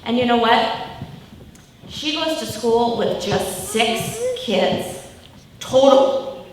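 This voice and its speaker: Speaking very slowly, a woman in her thirties with a somewhat high, animated voice addresses schoolchildren in a school hall. A mother, she tells them stories and interactively asks them many questions. The audio comes from a distance, echoey with faint noise.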